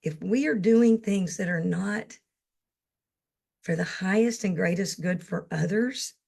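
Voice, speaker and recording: Slow, gravelly-voiced woman speaker. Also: medium pitch, a little mellow. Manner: emotional, slow and earnest. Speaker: summit speaker. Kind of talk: heartfelt closing remarks.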